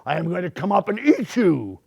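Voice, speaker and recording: Man putting on a big bad troll, roaring, loud and threatening, gravelly edge, storybook voice. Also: sits high, sing-song, a little fast, no echo, studio quality, heavily acted.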